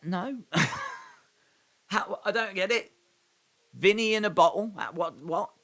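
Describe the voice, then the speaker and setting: A man's voice: high-pitched, slow pace, pushed and bright. A man hosting a live watch-along stream. He reads chat messages aloud and rambles in a self-deprecating way.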